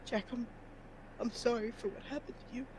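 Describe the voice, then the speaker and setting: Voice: medium pitch, steady tone, normal speed, background noise, lightly acted. A player voicing a grieving male furry creature hero, crying and pleading in a broken voice.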